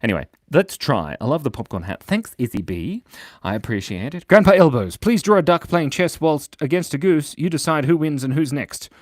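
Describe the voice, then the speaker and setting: A man hosting a children's drawing livestream, chatting casually and reading out viewer comments in a playful way that swings between loud bursts and mumbled asides. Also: on the high side, animated, moderate pace, no echo, clean studio sound. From Australia. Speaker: livestream drawing host for kids. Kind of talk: casual live-stream chat reading comments. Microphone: mic set in a beard.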